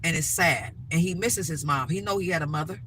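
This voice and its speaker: A woman's voice: sits low, brisk, a bit bright, slight background noise, low-quality recording. A middle-aged woman vlogging, ranting bluntly and emphatically with lots of repetition, from inside a vehicle. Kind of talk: ranting to-camera vlog.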